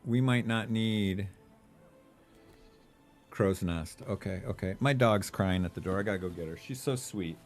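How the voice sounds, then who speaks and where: A man live-streaming a video game, thinking aloud in a relaxed, casual way and swearing now and then. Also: on the low side, a little slow, pauses often, faint music behind.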